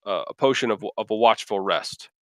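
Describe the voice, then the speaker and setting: A man narrating as dungeon master of a tabletop game, halting and full of fillers. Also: fairly low pitch, dry recording.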